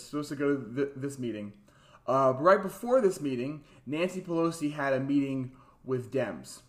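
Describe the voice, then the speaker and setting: A young man co-hosting a casual political chat, chatty and quick to laugh, with mocking asides. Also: mid-range voice. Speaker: podcast co-host.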